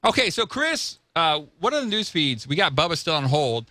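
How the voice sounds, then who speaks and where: A man's voice: on the high side, moderate pace, no echo, clean studio sound. A man hosting a casual talk show, joking and telling stories with animation. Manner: jokey, animated storytelling. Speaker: show host. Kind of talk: casual radio-style talk show chat.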